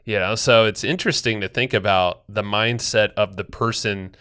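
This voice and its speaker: Low, bright, clear-voiced male podcast host. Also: steady tone, moderate pace. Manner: rambling, loose, lots of restarts and fillers. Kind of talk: casual podcast chat.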